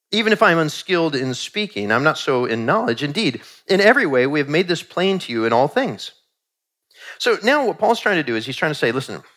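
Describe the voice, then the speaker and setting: Animated man preaching a sermon. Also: a little high. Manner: animated, conversational preaching with quoted asides. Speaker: pastor.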